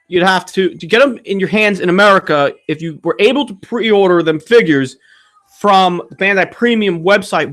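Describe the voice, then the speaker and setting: A man's voice: high voice, a bit bright. A man hosting a casual livestream Q&A, talking in a rambling, profane, ranting way as he reads viewer questions. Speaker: channel host answering viewer questions. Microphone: streaming setup mic.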